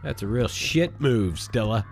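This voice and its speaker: A man's voice: medium pitch, expressive, unhurried, soft background music. A man co-hosting a podcast in casual chat, joking and swearing freely. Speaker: podcast co-host.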